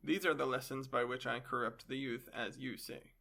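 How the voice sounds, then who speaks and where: A man's voice: mid-range voice, steady tone, normal speed, vocal fry, pushed and bright. A man voicing an elderly male philosopher on trial, questioning his accuser with dry irony. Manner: questioning, dryly ironic.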